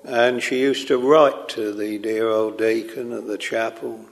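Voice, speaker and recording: Older preacher, gravelly, slow and earnest, chapel reverb. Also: male voice, on the low side, level tone. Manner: slow, earnest storytelling, drawn-out quoted lines. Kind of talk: sermon. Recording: long hall reverb.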